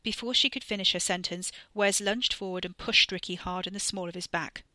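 A woman narrating a scripted story in a measured way. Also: lowish voice, steady tone, bright, forceful tone, dry recording. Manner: measured, reading with acted dialogue.

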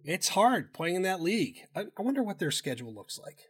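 A man talks sports betting in loose, rambling fashion, cursing freely and restarting his sentences. His voice sits a touch higher than most men's. It is an easy, casual co-host delivery. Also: very animated, a little fast, slightly rough. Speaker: podcast co-host.

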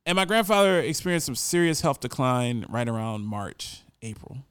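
A man's voice: mid-range voice, very animated, normal speed, a bit bright, clear, resonant tone, dry recording, studio quality. A man in his forties telling a personal story in a casual, earnest and reflective way, often repeating words as he goes. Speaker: storyteller remembering his grandfather.

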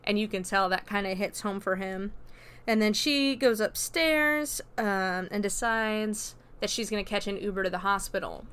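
A woman reviewer talks through a movie's plot in a relaxed, conversational way. Her delivery is rambling and filled with "like" and "you know", with casual profanity along the way. Her voice is smooth and clear, sitting at an ordinary pitch for a woman. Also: moderate pace. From America. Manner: chatty, peppered with "like" and "you know", swears freely.

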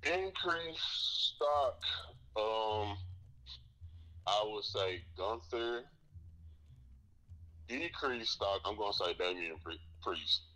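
A man co-hosting a podcast, giving his opinions in a relaxed, hesitant casual chat. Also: on the low side, extremely slow, long pauses, rough recording. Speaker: podcast co-host.

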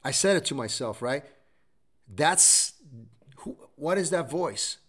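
A middle-aged show host with a slightly high, expressive, fairly bright voice speaks slowly. He gives a preachy motivational talk, repeating his exhortations again and again.

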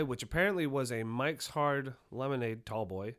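A man's voice: mid-range voice, moderate pace. A young man co-hosting a podcast, telling a rowdy story with lots of swearing and acted-out quotes. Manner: profane, animated retelling, acting out quotes. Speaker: podcast co-host. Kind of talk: casual storytelling.

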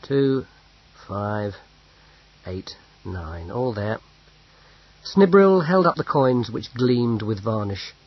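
A man reads a story aloud at a slow, measured pace. His voice is husky, with a medium pitch. The recording is dull and lo-fi. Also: very animated, dry recording. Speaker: audiobook narrator. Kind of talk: scripted narration. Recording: dull lo-fi audio.

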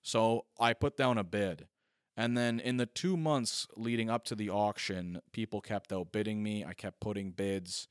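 A man's voice: lowish voice, normal speed, smooth, dry recording, clean studio sound. A man in his thirties telling a rambling comedic story, full of "like" and self-mocking asides. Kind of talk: casual comedic storytelling monologue.

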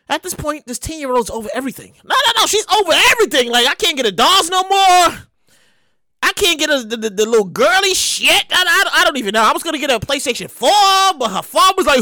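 Animated, high-pitched woman host. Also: quick pace, dry recording, clean studio sound. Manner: animated, profane, repeats herself for effect. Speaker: show host. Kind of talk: comic storytelling monologue.

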